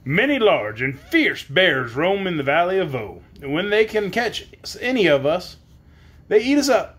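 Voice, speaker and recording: A stern invisible storybook father, voiced by a man with a gruff manner. He speaks bluntly and firmly, in a breathy voice near the narrator's own. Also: sits high, very animated, measured pace, fairly bright tone, exaggerated voice.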